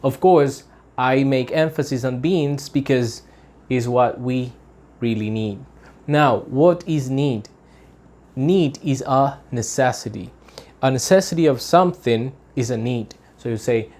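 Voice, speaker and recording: A man's voice: medium pitch, a little slow, darkish tone. A man teaching an English pronunciation lesson, explaining patiently, repeating example sentences and checking in with "right?".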